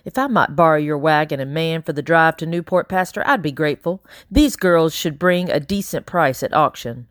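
A woman's voice: low voice, moderate pace, hardly any pauses, no room sound, clean studio sound, close to an everyday voice. A woman doing a harsh, scornful master. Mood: cold. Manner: curt, commanding, contemptuous. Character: harsh, scornful man who owns the girls.

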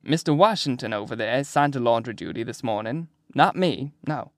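A nervous young ward aide who quickly passes the blame, read by a man narrating an audiobook. The voice stays close to the reader's own, dry and near. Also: medium pitch, expressive, no room sound, lightly acted. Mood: relieved.

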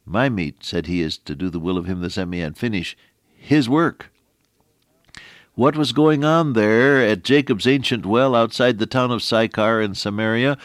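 A middle-aged man preaching a folksy radio sermon, quoting scripture in an animated way. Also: on the low side, normal speed, no echo, clean studio sound.

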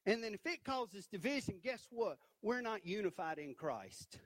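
A man preaching a sermon from a church stage, animated and emphatic, punctuating points with "right?". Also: high-pitched, normal speed, no room sound, poor audio. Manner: animated, rising to emphatic peaks with repeated "right?".

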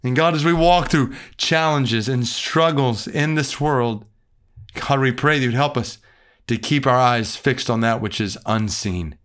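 A man's voice: mid-range voice, a little slow, fairly bright tone. A man who is a pastor, reading scripture and then leading an earnest, reflective prayer.

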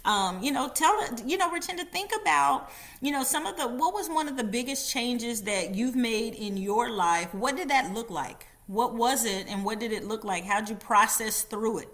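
A woman's voice: a little high, normal speed, fairly bright tone. A woman hosting a casual interview, asking questions and affirming her guest often. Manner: encouraging, lots of affirming fillers. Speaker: interview host.

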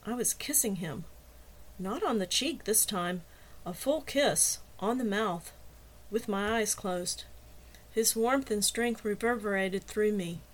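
Brief: female author-narrator, measured and softly expressive, audiobook reading. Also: medium pitch. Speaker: author reading her own novel.

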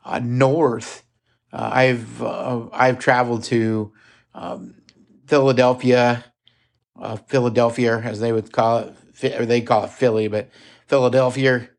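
A man's voice: mid-range voice, little pitch movement, measured pace, vocal fry. A man with a Midwestern American accent hosting a casual film podcast, rambling and digressive with many fillers and restarts. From Midwestern United States. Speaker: podcast host.

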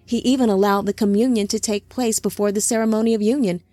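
A woman voicing a remorseful male angelic being who speaks formally and gently. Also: mid-range voice, steady tone, no room sound, faint music behind, close to an everyday voice. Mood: solemn. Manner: formal, measured.

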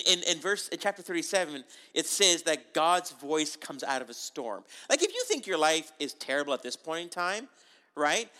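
A man's voice: fairly high pitch, pushed and bright. A man preaching a sermon in a conversational, joking way, full of asides and rhetorical questions.

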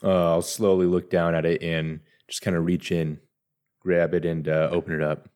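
A man playing a tabletop game, softly and hesitantly describing what his character does. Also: sits low, flat delivery, normal speed, clear, resonant tone. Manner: soft, hesitant, full of "uh" and "kinda". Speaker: player.

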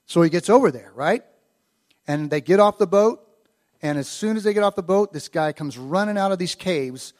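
Animated conversational man preaching. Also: fairly high pitch. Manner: conversational, acts out quoted lines with rising animation. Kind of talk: casual storytelling sermon.

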